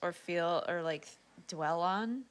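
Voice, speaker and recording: An American woman hosting a podcast, chatting playfully with a friend and trading quick jokes. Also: lowish voice, smooth. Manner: playful, jokey, quick back-and-forth. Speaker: podcast host. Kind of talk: casual chat.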